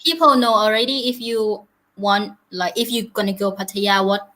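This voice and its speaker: A woman's voice: medium pitch, moderate pace, fairly bright tone, poor audio. A woman from Thailand with a Thai accent, a guest chatting in simple, friendly English and laughing often. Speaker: guest YouTuber. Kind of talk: casual interview chat.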